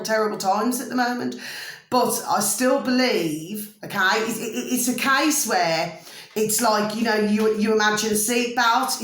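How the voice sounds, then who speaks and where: A woman's voice: fairly high pitch, echoey room. A middle-aged woman in a rambling casual monologue to her viewers at home, often asking if they see what she means. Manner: rambling, repeatedly asks "do you see what I mean". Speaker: vlogger.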